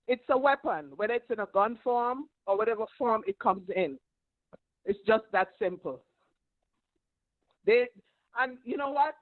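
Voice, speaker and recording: A man's voice: extremely high pitch, dry recording. Blunt male caller on a tinny phone line. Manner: blunt and insistent, repeats his point. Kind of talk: call-in radio opinion.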